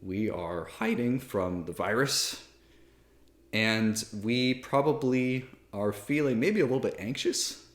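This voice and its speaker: A man's voice: medium pitch, echoey room. A man in his thirties, a priest, giving a candid, self-deprecating talk with many fillers and restarts from a library armchair. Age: 30s. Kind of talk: casual spoken talk to camera.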